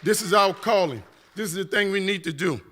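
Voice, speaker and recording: Man, high voice, church keynote, passionate, repetitive rhythmic build, humorous asides. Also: fairly quick, bright, forceful tone, a faint crowd, slight background noise. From New Orleans, USA. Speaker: guest speaker. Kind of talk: impassioned church keynote speech. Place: church sanctuary. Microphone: standing at a mic.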